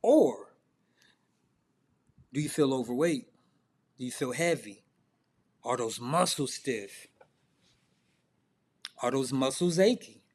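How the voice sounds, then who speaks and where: A man's voice: medium pitch, animated, slow, pauses often, a little mellow. A middle-aged man coaching in a loose, conversational way, firing off questions to the listener. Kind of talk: casual self-improvement talk.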